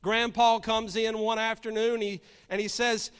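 A man's voice: sits high, little pitch movement, unhurried, a bit bright, clear, resonant tone. A man preaching a sermon, telling a story and then building to fervent emphasis as pastor. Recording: long hall reverb.

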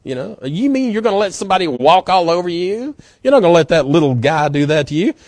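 A man's voice: sits high, very animated, quick pace, a little mellow, no room sound. A man doing a coaxing, needling queen. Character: scheming queen coaxing her sulking husband.

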